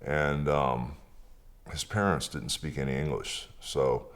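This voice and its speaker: An older man remembers an old meeting in a relaxed, unhurried way. His voice sits extremely low, a deep rumbling bass. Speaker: interviewee, wrestler. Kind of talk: documentary interview reminiscence.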